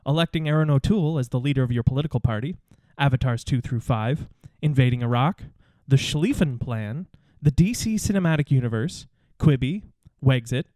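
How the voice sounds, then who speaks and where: A man's voice: mid-range voice, dry recording. Dry-voiced man in casual podcast chat. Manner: jokey, reads a long comic list deadpan. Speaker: podcast co-host.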